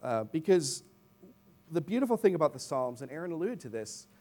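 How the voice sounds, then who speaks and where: A young man preaching a sermon, telling a personal story with lively asides to his congregation. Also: fairly high pitch, brisk. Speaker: pastor. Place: church in Chicago.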